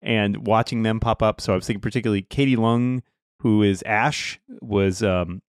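Excitable man chatting, dry mic. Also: on the low side, moderate pace, smooth, dry recording. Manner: excitable, rambling with fillers. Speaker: podcast co-host. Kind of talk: casual chat.

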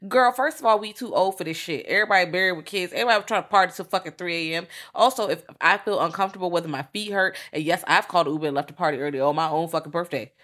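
A woman's voice: on the low side, racing, hardly any pauses, a bit bright. A woman in her thirties co-hosting a podcast, chatting casually and profanely about a movie and acting out scenes in voices. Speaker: podcast co-host. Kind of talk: casual movie review chat.

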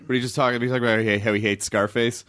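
Fast rambling male podcast host. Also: mid-range voice, level tone, fairly bright tone. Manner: quick, rambling, many restarts. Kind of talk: casual chat.

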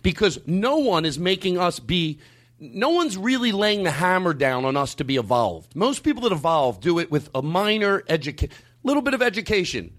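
A man hosting a podcast in casual chat, talking in a rambling, animated way with some swearing. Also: high-pitched, normal speed. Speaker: podcast host.

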